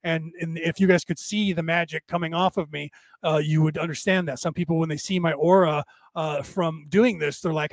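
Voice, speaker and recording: Older man, worn damaged voice, slightly high pitch, rambling monologue, dry close mic. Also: steady tone, normal speed, dry recording. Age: older, with graying hair. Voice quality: says his voice is damaged but penetrating. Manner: rambling, with frequent restarts; tired from talking for hours. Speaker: podcast host. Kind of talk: casual monologue.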